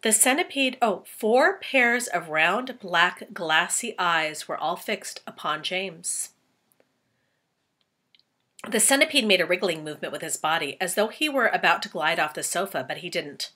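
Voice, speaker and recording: Brief: lively, bright-voiced female teacher reading aloud to kids. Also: lowish voice, measured pace, husky. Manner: animated, asks children questions. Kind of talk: storybook read-aloud for children.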